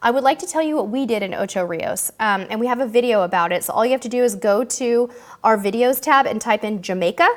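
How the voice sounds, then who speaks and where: A woman's voice: a little high, lively intonation, fast. A woman hosting a live-stream Q&A, reading viewer questions aloud in a bubbly, chatty way. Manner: bubbly, chatty, emotional, self-deprecating. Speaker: host.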